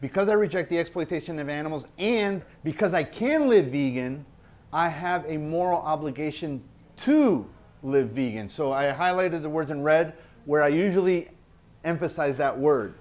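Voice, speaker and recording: A man's voice: a little high, expressive, normal speed, a little mellow. A man presenting a workshop indoors, earnest, repeating key phrases and checking in with the group. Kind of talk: teaching a workshop. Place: indoor event space.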